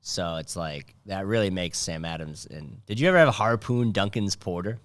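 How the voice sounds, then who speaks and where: A man hosting a casual comedy podcast, rambling and sardonic, breaking into loud mocking impressions. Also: low voice, normal speed, no echo. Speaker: podcast host. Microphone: studio mic.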